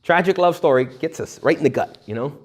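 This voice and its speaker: Speaking to young adults at a retreat, a man gives a humorous, jokey talk, animatedly acting out little quoted voices. His voice is on the high side and fairly quick.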